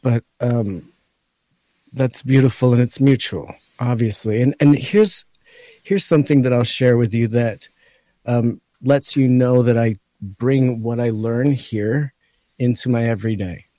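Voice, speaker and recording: A man co-hosting a podcast, talking in a halting way with many fillers. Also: medium pitch, fairly even intonation, no room sound. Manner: warm, a bit choked up, halting. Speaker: podcast co-host. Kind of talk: casual heartfelt chat.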